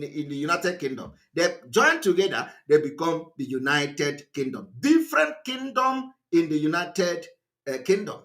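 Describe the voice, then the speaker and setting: A man's voice: sits high, sharp tone. A middle-aged man with a Nigerian English accent giving a live broadcast address, emphatic and repetitive, firing rhetorical questions at his listeners. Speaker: political broadcaster.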